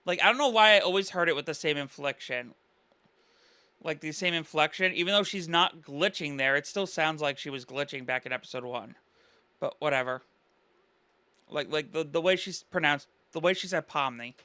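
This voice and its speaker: High, bright-voiced man rambling earnestly. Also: normal speed, clear, resonant tone, no room sound. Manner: earnest, rambling, full of "you know" and "like". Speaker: reaction video commentator. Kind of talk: casual reaction commentary.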